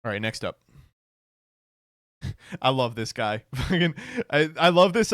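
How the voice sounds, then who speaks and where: A man's voice: mid-range voice, animated, measured pace, fairly bright tone, no room sound, clean studio sound. A man streaming reaction commentary, sarcastic and swearing, laughing often.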